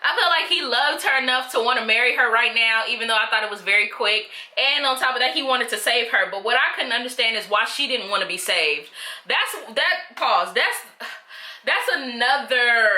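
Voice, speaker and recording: A woman vlogger gives casual reaction commentary, chatty and opinionated. She sometimes calls her viewers "girl". Her voice sits a little high and sounds bright and sharp, and the recording carries a noticeable room echo. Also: expressive, normal speed.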